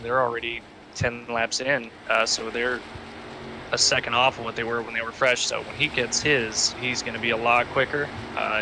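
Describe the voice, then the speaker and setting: A man giving color commentary on a sim race, explaining strategy in a measured way with frequent fillers. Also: medium pitch. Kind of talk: sim racing broadcast commentary. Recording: steady background noise.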